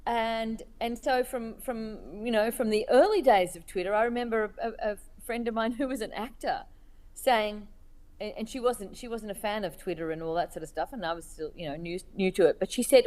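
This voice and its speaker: A woman being interviewed as a cartoonist, speaking in a thoughtful, halting way as she searches for words. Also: medium pitch, darkish tone. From Australia. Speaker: cartoonist guest. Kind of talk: reflective interview talk.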